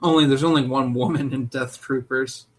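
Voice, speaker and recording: A young man co-hosting a casual podcast, talking in an animated, opinionated way. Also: mid-range voice, moderate pace. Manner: animated, opinionated, jumps into loud mock voices. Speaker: podcast co-host.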